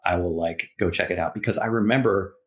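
A man's voice: sits low, fairly quick. A man as a podcast guest, speaking casually and loosely with lots of filler words. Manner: relaxed, many fillers like "like" and "you know". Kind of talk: casual conversation.

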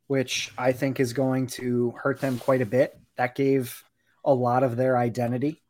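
A man co-hosting a casual sports podcast, talking through team analysis in a measured, analytical way and often saying "you know". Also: medium pitch, a little mellow. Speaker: podcast co-host, hockey analyst.

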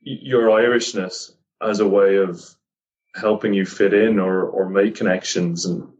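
A man's voice: lowish voice, steady tone, a little slow, a little mellow. A man asking a thoughtful interview question, phrasing it hesitantly. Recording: distant, dull mic with faint noise.

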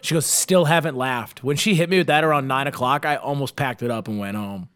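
A man co-hosting a podcast, telling a story in casual, animated chat and acting out the people in it. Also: medium pitch, fast, clean tone. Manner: animated, acts out quotes, swears a lot. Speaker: podcast co-host.

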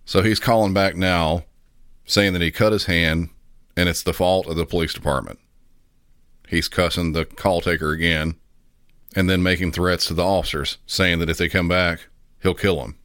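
Very deep, flat-voiced male narrator. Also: normal speed, clear, resonant tone, no room sound, studio quality. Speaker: podcast host. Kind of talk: scripted true-crime narration.

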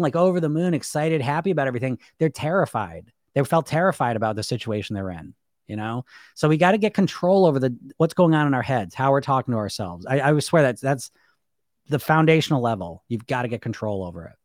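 A man's voice: fairly high pitch, no echo, clean studio sound. A man coaching on weight loss in a casual live stream, talking animatedly and acting out the voices in people's heads. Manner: animated, acts out inner voices in shifting tones.

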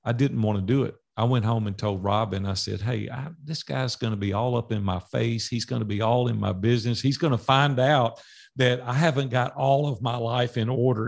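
A man who is a business coach, a podcast guest telling animated stories and acting out past conversations in dialogue. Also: medium pitch, brisk, creaky. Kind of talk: storytelling in a podcast interview.

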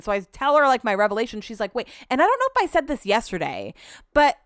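A woman talks through a personal story on her solo podcast, rambling and emotional as she quotes both sides of a conversation. Her voice is smooth and clear, recorded close and dry with no room sound. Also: a little high, big pitch swings, fast talker, a bit bright, dry recording. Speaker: podcast host.

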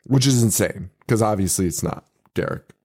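A male podcast co-host retells a movie in loose, casual chat. He laughs through his sentences, swears freely, and slips into quick impressions of the characters. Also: lowish voice, a little mellow. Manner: laughs often, swears, acts out quotes.

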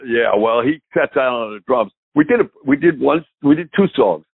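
An older man, a guest drummer, telling lively anecdotes with a raspy voice and frequent chuckles, heard over call audio. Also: medium pitch, moderate pace, dry recording, phone-quality sound. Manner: lively storyteller who chuckles often.

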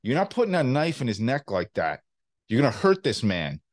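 A man's voice: mid-range voice, wildly swooping pitch, a little fast. A man doing an impression of a well-known actor as a protective, insistent older man who keeps repeating himself.

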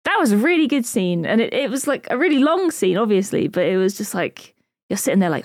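A woman's voice: mid-range voice, sing-song, brisk, darkish tone, no echo, clean studio sound. A woman co-hosting a podcast in casual chat, rambling and giggly with lots of fillers. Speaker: podcast co-host.

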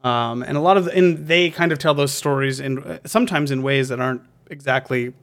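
A man's voice: mid-range voice, a little fast, a bit bright. A man co-hosting a casual podcast, rambling and restarting his sentences with fillers. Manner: rambling, self-interrupting with fillers. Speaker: podcast co-host. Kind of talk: casual chat.

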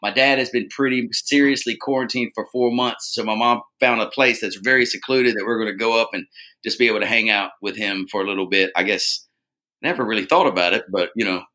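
A man's voice: on the low side, fairly even intonation, fairly quick, bright, forceful tone. A man co-hosting a casual podcast, joking around and rambling with plenty of fillers. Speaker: podcast co-host.

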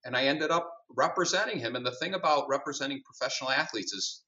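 A man's voice: medium pitch, fast talker, recorded from a distance, lo-fi sound. A middle-aged man who runs a company, a podcast guest telling a story and acting out the dialogue in it. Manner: animated storyteller, acts out dialogue.

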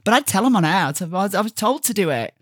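A middle-aged woman with a Yorkshire accent, a radio presenter telling stories in a casual interview, lively and chatty with quick bursts. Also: mid-range voice, breathy edge, no room sound, studio quality. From Barnsley, Yorkshire, England.

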